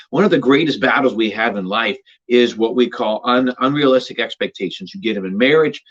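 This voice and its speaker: A man preaching a devotional message with a husky, slightly breathy voice. He is earnest, swelling to emphatic highs before sinking into quiet, intimate lines. The sound is dull and lo-fi, like a livestream. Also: a little fast, hardly any pauses. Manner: earnest, builds to emphatic rises then drops to a hush. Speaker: pastor. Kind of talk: devotional sermon.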